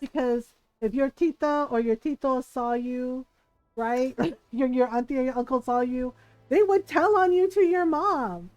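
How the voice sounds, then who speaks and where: A woman game streamer telling a family story in a casual, animated way, laughing often and swearing freely. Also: sits high, a little slow, no echo, lo-fi sound. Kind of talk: casual storytelling while gaming.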